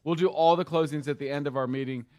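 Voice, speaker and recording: A man's voice: on the high side, fairly even intonation, quick pace, darkish tone. A man co-hosting a live company sales meeting from a studio, reading names and thanking agents in a friendly, enthusiastic way. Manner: friendly and enthusiastic, laughs easily.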